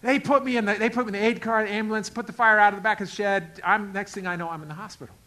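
A middle-aged male pastor telling a story in a sermon, acting out the dialogue and swinging from loud outbursts to quiet asides. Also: high-pitched, very fast, low-quality recording. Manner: animated, acts out dialogue with big swings in loudness.

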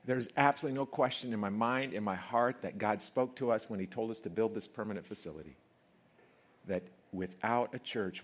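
A male pastor delivering a sermon to his congregation in church. He talks in an animated, conversational way, dropping low for asides and climbing high and loud at the peaks. Laughter comes easily between points. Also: fairly quick. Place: church before a live congregation.

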